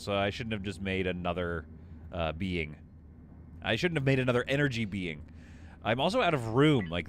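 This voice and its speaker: A man's voice: lowish voice, fairly bright tone. A man streaming a game live, rambling and joking as he thinks aloud while building. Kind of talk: casual live gameplay commentary.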